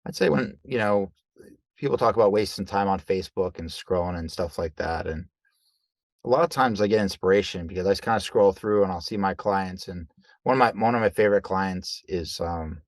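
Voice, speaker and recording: A man, a guest coach, telling stories in a loose, conversational way, acting out quoted dialogue with lively jumps in voice. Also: deep voice, brisk, no echo. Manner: animated, acts out quoted dialogue; loose, conversational with fillers like right and like. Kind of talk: casual storytelling in an interview.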